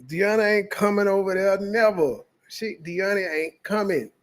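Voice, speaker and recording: A man's voice: high-pitched, normal speed. A man hosting a reaction channel, mocking a clip in blunt, profane commentary. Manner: mocking, blunt, heavy cursing.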